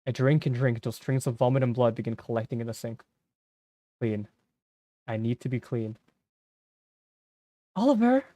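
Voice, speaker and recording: A male streamer reads a story game aloud, slow and somber, in a mid-range voice. The sound is dry and close, with no room around it. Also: mid-range voice, flat delivery, dark tone, dry recording. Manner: slow, somber, measured reading.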